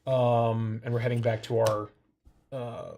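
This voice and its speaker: A man playing a tabletop game, jokey and quick to laugh. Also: medium pitch, flat delivery, dark tone, a little hiss or hum. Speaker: player. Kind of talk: casual tabletop play.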